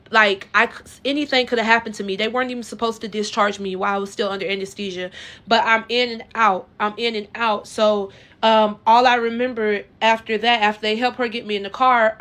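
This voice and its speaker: A woman telling her own story to her viewers in a casual, earnest way, rambling and halting with lots of fillers and restarts. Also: on the high side, a bit bright. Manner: earnest and emotional.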